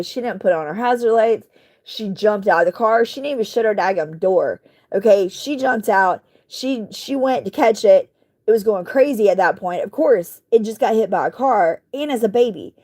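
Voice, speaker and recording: A woman vlogger telling a story in casual speech. She rambles with lots of fillers and asides and keeps clearing her throat. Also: fairly high pitch. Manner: rambling, animated retelling with many fillers and asides.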